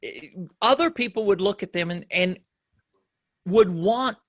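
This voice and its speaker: A man whose voice sits higher than most men's, telling stories in a reflective, casual conversation as a podcast guest. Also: measured pace, no room sound, studio quality. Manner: reflective storyteller.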